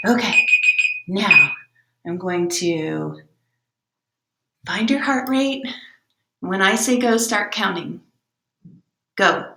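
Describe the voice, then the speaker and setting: A woman's voice: mid-range voice, drawn-out words, gravelly, long pauses, background noise. A woman teaching a lesson to young children, patient and step by step, asking them questions. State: out of breath after exercise. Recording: echoey room.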